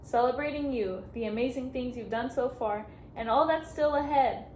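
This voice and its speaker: Gushing over a card she's reading aloud, this young woman vlogger chats emotionally and casually in a high, slightly mellow voice at normal speed. Faint background noise and an echoey room come through.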